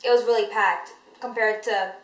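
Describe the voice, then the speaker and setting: A teenage girl vlogging in a casual, animated way, telling stories full of "like" and "you know". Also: medium pitch, normal speed. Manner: animated storytelling, many likes and you-knows. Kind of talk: casual chatty vlog. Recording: roomy echoey room.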